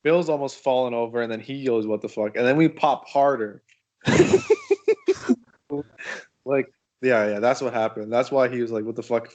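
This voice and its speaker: A young man in casual chat, chiming in excitedly with laughter. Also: mid-range voice, normal speed, long pauses, muffled recording.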